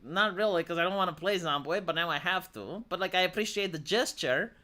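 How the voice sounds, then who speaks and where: A man's voice: high-pitched, brisk, sharp tone. A man with a Romanian accent chatting on a stream, rambling and stammering through restarts. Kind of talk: casual stream banter.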